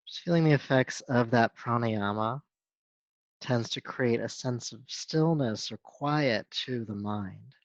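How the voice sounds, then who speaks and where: Calm man guiding a yoga class. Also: medium pitch, measured pace, no echo. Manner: calm, steady cueing with soft hums. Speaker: yoga instructor. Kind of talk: guided yoga class instruction. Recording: dull, dry sound.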